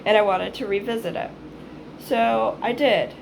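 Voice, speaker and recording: A woman's voice: mid-range voice, steady tone, normal speed, gravelly, noisy background. A woman in her twenties, raised in Hawaii, telling a rambling personal story in a casual vlog, swearing freely and acting out what she once said. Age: 20s. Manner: rambling, swears freely, acts out her own past lines. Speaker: vlogger.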